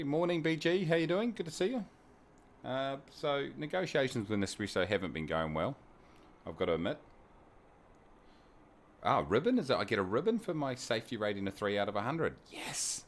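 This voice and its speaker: A man's voice: mid-range voice, slight background noise. A man with a New Zealand accent, hosting a flight-sim live stream in casual, jokey chat and greeting viewers by name. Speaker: flight sim livestream host.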